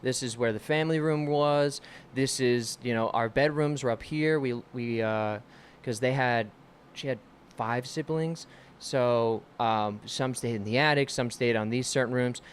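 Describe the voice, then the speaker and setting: A man's voice: mid-range voice, slight background noise. A young man telling stories on a casual comedy podcast, laughing often and acting out the people he quotes. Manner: giggly storyteller, quick to laugh, acts out quoted voices.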